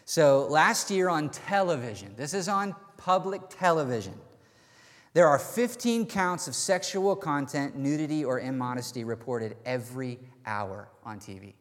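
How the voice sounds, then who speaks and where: Pastor preaching in a reverberant church. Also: male voice, medium pitch, moderate pace. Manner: energetic storytelling, casual and conversational. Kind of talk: sermon.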